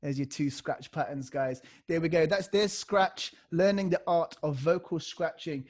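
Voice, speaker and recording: A man's voice: a little high, measured pace, a little hiss or hum. A man leading a live online beatbox workshop on a video call, energetically demonstrating vocal scratch sounds.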